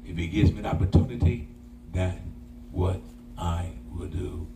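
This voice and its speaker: A man's voice: deep voice, normal speed, vocal fry, very noisy. An older man preaching a sermon as pastor, colloquial and emphatic, with call-and-response lines to the congregation. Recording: echoey room with loud guitar music.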